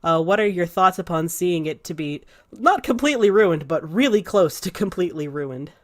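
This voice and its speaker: A woman narrating a tabletop game as game master, relaxed, with many pauses and fillers. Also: lowish voice.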